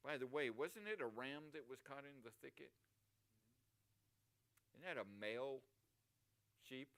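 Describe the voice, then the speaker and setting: A male pastor delivers a sermon at a church service, his mid-range voice unhurried and fairly bright. He preaches emphatically, peppering the congregation with rhetorical questions.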